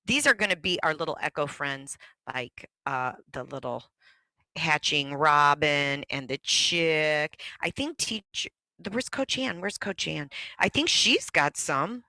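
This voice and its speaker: A woman leading an online music workshop for teachers, talking and breaking into high sung echo songs. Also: lively intonation, measured pace, pushed and bright, clean studio sound.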